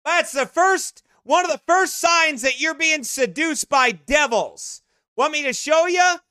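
A scornful man preaching in an emphatic sermon-style commentary. His voice is very high and smooth, and his delivery is slow and deliberate. The voice is bright and forceful, in a dry room. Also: animated, dry recording. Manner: emphatic, scornful, bursts into shouts.

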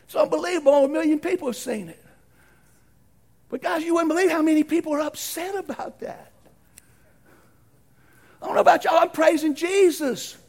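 A middle-aged man preaching a folksy storytelling sermon, animated and acting out the voices in his stories. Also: very high voice, moderate pace, vocal fry, long pauses.

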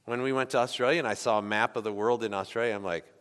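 A man's voice: medium pitch, fairly even intonation, very fast, fairly bright tone, clean tone. A man from the United States preaching a sermon in a conversational way, often asking the congregation questions. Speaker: pastor. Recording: long hall reverb.

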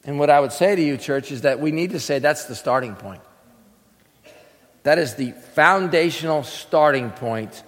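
High-voiced man preaching in a hall. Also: normal speed. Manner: asks the audience questions and answers them himself. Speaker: preacher teaching a class. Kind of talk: sermon-style Bible teaching.

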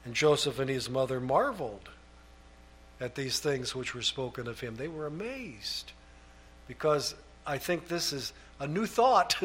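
A man preaching a sermon, reading scripture aloud and lifting his voice on key phrases, then dropping low on asides. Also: fairly bright tone, slight background noise.

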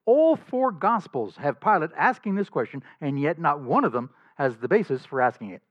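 A male pastor preaching a sermon in an emphatic, animated way, often chuckling between points. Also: fairly high pitch, moderate pace, dry recording. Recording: slightly dull dry recording.

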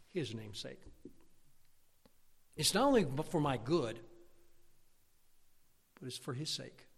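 A middle-aged man preaching a sermon, lively and animated, climbing to near-shouts and acting out his listeners' objections. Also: medium pitch. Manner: animated, rising to near-shouts when stirred up; acts out imagined listeners' objections.

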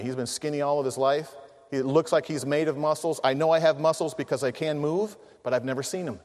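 A middle-aged man preaching a sermon to men, telling humorous family stories in an animated way and acting out the voices of the people in them. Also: fairly high pitch. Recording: long reverb of a large hall.

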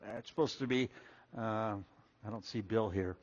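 A man preaching a sermon, folksy and animated, acting out little quoted voices as he walks through Scripture. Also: on the low side, moderate pace, highs cut off. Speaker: pastor.

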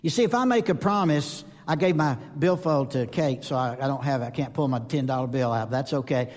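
A man preaching a sermon to a live congregation, telling lively stories and acting out the voices of the people in them. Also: mid-range voice, a little fast. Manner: animated storytelling, acts out voices in anecdotes. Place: church or conference hall. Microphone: speaking to a live audience. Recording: long reverb of a large hall.

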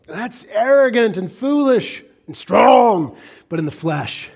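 A man preaching a sermon in an earnest, pleading way, swinging from loud urging to hushed asides and chuckling through his points. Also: sits high, very animated, takes it slowly, creaky, husky. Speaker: pastor.

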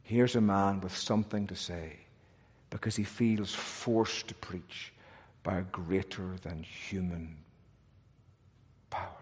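A male pastor preaching an earnest, animated sermon from the pulpit, with touches of self-deprecating humor. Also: deep voice, takes it slowly, husky. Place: church sanctuary, pulpit. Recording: long church reverb.

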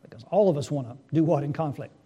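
A male preacher with a notably high-pitched voice delivers a sermon. He poses rhetorical questions and swings from hushed, quiet stretches to loud, emphatic ones. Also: quick pace, slightly rough, muffled recording.

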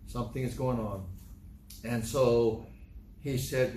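A male pastor preaching a sermon in a church hall, animated and emphatic, repeating his points and acting out quotes. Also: mid-range voice, a little slow. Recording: echoey room with faint noise.

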